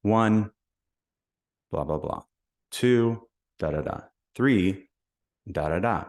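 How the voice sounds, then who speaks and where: A man with a deep, low-pitched voice talks through sales technique in a relaxed, conversational way. He often slips into the lines he would say on a call, acting out both sides. The delivery is casual podcast chat. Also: takes it slowly. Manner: conversational, acts out sales calls. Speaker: podcast host. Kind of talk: casual sales coaching talk.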